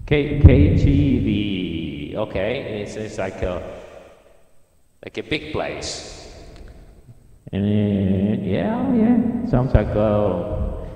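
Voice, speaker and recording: A man casually reviewing a DJ mixer, talking in a laid-back, halting way with lots of fillers. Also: on the low side, sing-song, warm tone, slightly rough, no room sound, dull audio. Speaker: product review host. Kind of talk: casual hands-on product review.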